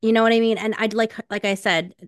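A woman's voice: on the high side, fairly even intonation, fast talker, dry recording, clean studio sound. A woman co-hosting a book podcast, talking in a blunt, emphatic and slangy casual way. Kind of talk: casual chat.

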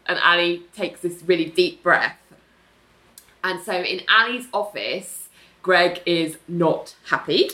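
Woman recapping a show, bright clear voice, acts out the lines, laughs a lot. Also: fairly low pitch, slow. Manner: animated, acts out quoted lines, laughs often. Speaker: podcast co-host recapping a TV episode. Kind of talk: casual chat, retelling scenes with quick character voices.

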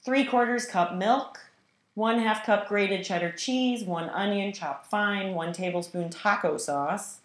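A woman's voice: mid-range voice, measured pace. Woman podcast co-host, wry and teasing, reads recipes, echoey room. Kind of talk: casual chat.

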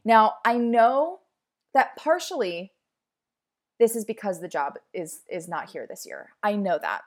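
A woman's voice: medium pitch, animated, a little slow. Woman, 30s, podcast host; open, heartfelt, casual chat, mid-range voice. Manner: candid, emotional, chatty with many "like"s. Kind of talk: casual personal podcast monologue.

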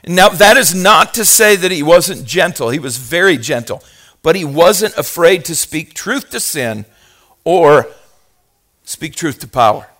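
A man preaching a sermon as pastor, moving from quiet asides to loud, fervent passages and asking the congregation questions. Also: a little high, lively intonation, measured pace. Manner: talks directly to the congregation with questions.

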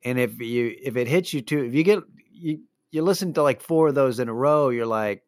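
This show host speaks at medium pitch and a moderate pace, with a darkish tone. Alone at the mic, he rambles through profane stories in a wry, easygoing way, using lots of fillers, and the studio sound is clean and dry.

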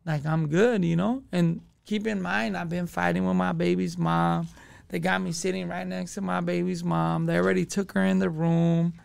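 A man's voice: high voice, level tone, moderate pace, creaky, smooth. A man, telling a story as a podcast guest in profane street slang. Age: 20s. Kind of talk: casual storytelling.

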